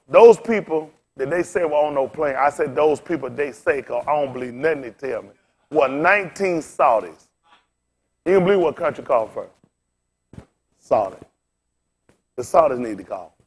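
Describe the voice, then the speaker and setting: A man in his fifties preaching to his congregation, tired and frustrated, firing off rhetorical questions and repeating phrases with sudden rises and drops in force. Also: a little high. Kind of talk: impassioned sermon to a congregation.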